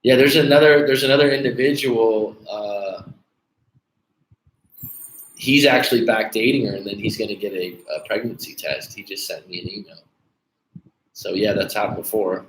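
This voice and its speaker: Casual male livestream coach, blunt and profane, slightly low voice, faint noise behind him. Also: steady tone, moderate pace, pauses often. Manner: blunt, profane, casual, calls viewers dude. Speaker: dating coach livestream host. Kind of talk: casual livestream chat reading viewer comments. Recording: echoey room with faint background noise.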